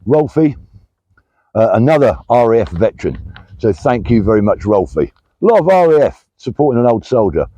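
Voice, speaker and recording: A man's voice: mid-range voice, sing-song, mellow, no room sound, dull audio. Chatty older British man vlogging outdoors. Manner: chatty, friendly, many pauses and restarts. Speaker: vlogger and army veteran. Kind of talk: casual vlog, reading out supporter names. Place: walking outdoors, pulled over at the roadside.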